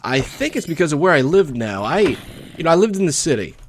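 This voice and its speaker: A man's voice: on the high side, very animated, brisk, slight background noise. Chatty young Texan man gaming. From Texas. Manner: rambling, wry and chatty. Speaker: let's play gamer. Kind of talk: casual gameplay commentary.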